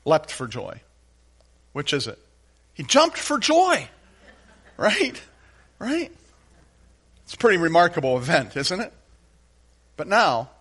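A man preaching a sermon in a folksy, animated storytelling manner with playful asides. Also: fairly high pitch. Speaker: pastor.

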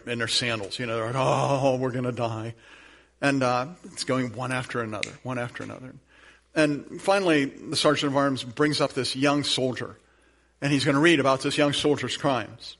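A man's voice: medium pitch, fairly quick. Man preaching in a conversational way. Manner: conversational storytelling, then soft prayer. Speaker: pastor. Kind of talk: sermon.

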